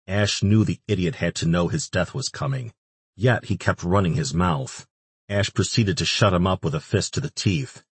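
Deep-voiced male audiobook narrator, husky tone, dry close read. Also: dry recording. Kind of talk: scripted narration.

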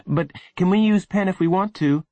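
An anxious, eager schoolboy, voiced by a man reading a story, lifted high above the reader's own pitch. He speaks hesitantly and nervously. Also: normal speed, a little mellow, no echo.

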